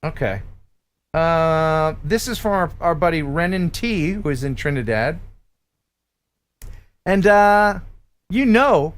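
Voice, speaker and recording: Animated man hosting a stream. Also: a little high, slow pace, long pauses. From Philadelphia. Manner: chatty, laughs easily, reads viewer emails aloud. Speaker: host. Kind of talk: casual live-stream chat.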